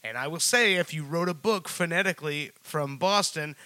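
A man co-hosting a casual podcast chat, swearing freely and telling animated stories. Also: on the high side, moderate pace, no room sound. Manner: profane, animated storytelling with put-on local voices. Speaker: podcast co-host.

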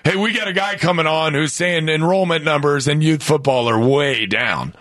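A man's voice: fairly high pitch, moderate pace, no room sound. A man hosting a sports talk radio show, joking and telling stories in casual banter. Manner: joking, animated storyteller.

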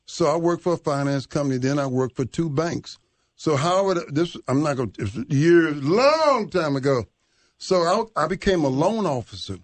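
A man's voice: on the high side, expressive, normal speed. A man hosting a sports radio show, chatting casually and breaking in with teasing remarks.

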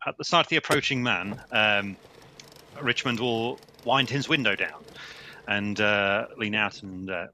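A man, a tabletop player, describing his character with halting fillers. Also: on the low side, sharp tone, a little hiss or hum. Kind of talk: tabletop game narration.

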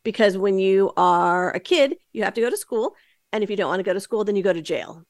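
A woman podcast host spins a casual, rambling story into a close mic, full of fillers and asides. Her voice has a gravelly, fry-edged texture, and the recording is dry with no room sound. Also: medium pitch, fairly quick, no echo. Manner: chatty, with many fillers and quoted asides.

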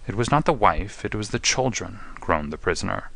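A man's voice: lowish voice, animated, moderate pace, pushed and bright, dry recording. A man playing an anguished refined prisoner. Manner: pleading and anguished. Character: desperate, refined gentleman prisoner, male.

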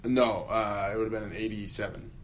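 Thirties male comic, lowish voice, loose rambling storyteller with plenty of "uh"s and swearing. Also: steady tone, fairly quick, a little hiss or hum. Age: 30s. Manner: rambling, profane storyteller with many fillers. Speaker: comedian guest. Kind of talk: casual podcast chat.

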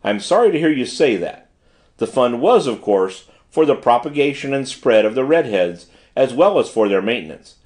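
A man's voice: medium pitch, big pitch swings, normal speed, a little mellow, natural voice. A man reading a fussy, formal manager. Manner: formal, gushing and exacting. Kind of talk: audiobook reading.

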